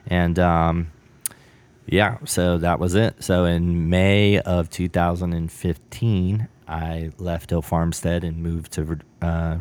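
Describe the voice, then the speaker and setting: A man's voice: sits low, darkish tone. A man brewer telling a story in a casual interview, rambling with many fillers and acting out bits of dialogue.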